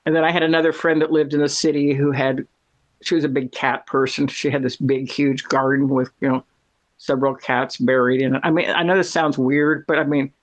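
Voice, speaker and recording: A middle-aged woman telling a story in casual chat, chatty and animated, laughing often. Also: extremely low pitch, brisk, muffled recording. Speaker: cat owner telling a story.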